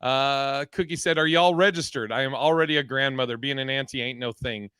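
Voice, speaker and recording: Male co-host, bright forward tone, loose and joking, reads comments aloud, dry close mic. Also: mid-range voice, brisk, clear, resonant tone, no room sound. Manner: loose, laughs often, swears casually. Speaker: podcast co-host reading listener comments. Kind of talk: casual chat.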